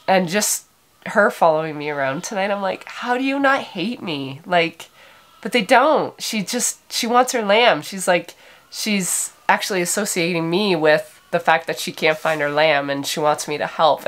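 A woman's voice: fairly low pitch, measured pace. A tired woman, a sheep farmer, chatting emotionally in a casual vlog as she reads out viewer comments. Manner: emotional, warm and chatty with frequent laughs.

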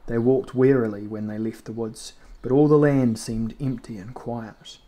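A man reading a fantasy novel aloud in a measured, even narration. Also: mid-range voice. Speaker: reader. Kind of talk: audiobook narration.

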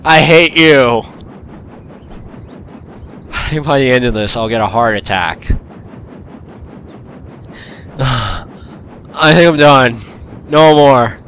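A man ranting through an uncut gameplay session, sounding endlessly exasperated with the game. His delivery is slow and unhurried, with a faint noise sitting under the voice. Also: medium pitch, fairly bright tone. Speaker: gaming channel host.

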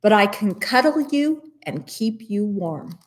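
Storybook wolf, adult male pack leader, calm and kindly, read by a woman. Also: medium pitch, slow pace, noisy background.

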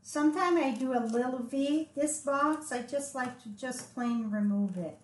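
A woman with a French accent, French her first language, giving a live craft tutorial, talking slowly and chatting as she works. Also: high voice. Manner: slow, chatty, thinking aloud as she works. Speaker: papercraft instructor. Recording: echoey room with faint noise.

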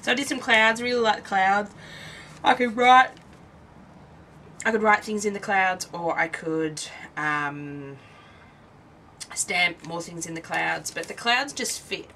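Aussie lady showing her crafts, kinda tired, rambly, lowish voice, faint noise behind. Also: measured pace, pushed and bright, far from the mic, rough recording. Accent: Australian. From Australia. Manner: chatty, rambling, self-interrupting. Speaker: craft channel host. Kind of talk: casual show-and-tell craft video.

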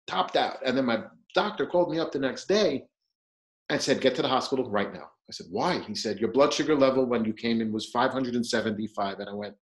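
A middle-aged man giving a personal testimonial, animated as he acts out the conversations he had. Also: medium pitch, low-quality recording. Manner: animated storyteller, acting out dialogue. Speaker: diabetes patient sharing his story.

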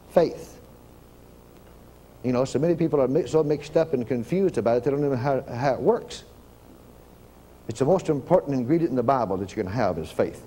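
An older man preaching a sermon fervently, in surges and loud commands, with folksy grammar. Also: medium pitch, animated, fairly quick, pauses often, a little hiss or hum.

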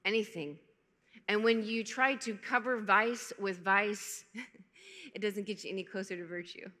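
Her mid-range voice is sharp in tone and measured in pace. This conference speaker, a woman in her thirties, shares an emotional, candid personal story with self-deprecating humor, and the recording echoes with the reverb of a large hall.

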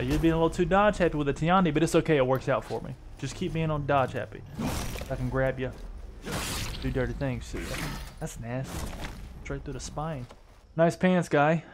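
Man, gameplay streamer, playful trash talk, loud background noise with clicks. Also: medium pitch. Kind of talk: live gameplay commentary.

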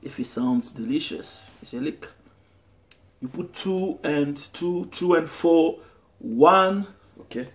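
A man's voice: a little high, expressive, slow. A man teaching a guitar lesson, explaining step by step with frequent fillers and restarts. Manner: explains step by step, switching between English and French, with many fillers. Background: guitar playing.

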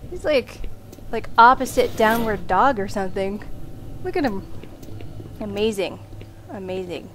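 A woman's voice: on the high side, expressive, a little slow, long pauses, background noise. A woman commenting on a horror game as she plays, jumpy and often screaming at monsters. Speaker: gaming video host. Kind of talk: let's play commentary.

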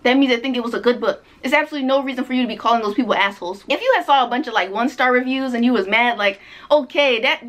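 A woman's voice: a little high, fairly bright tone. A young woman ranting on her book vlog, sarcastic and exasperated, swearing freely as she picks apart the story. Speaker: book vlogger.

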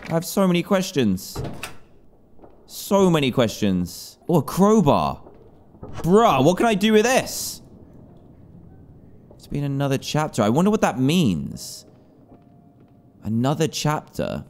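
A young man commentating a horror game as he plays, jumpy and quick to panic at the scares. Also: a little high, wildly swooping pitch, darkish tone. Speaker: gaming YouTuber.

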